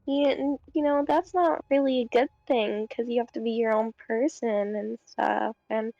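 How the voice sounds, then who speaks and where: A woman's voice: on the high side, fairly even intonation, unhurried, vocal fry, dark tone, dry recording, muffled recording. A young woman playing a tabletop game, chatting in a rambling way full of fillers. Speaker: player. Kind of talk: casual tabletop role-play.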